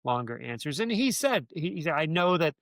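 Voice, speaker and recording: A man's voice: fairly high pitch, big pitch swings, a little fast, a bit bright, no echo. A man, a former speechwriter, telling stories in an interview, rambling with many restarts and filler words. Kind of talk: conversational interview storytelling.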